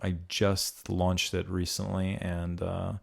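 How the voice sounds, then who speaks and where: A young man hosting a casual podcast chat, swearing freely and getting animated as he makes his points. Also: slow, gravelly. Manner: animated, swearing freely, jumps into high mocking voices when quoting. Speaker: podcast host.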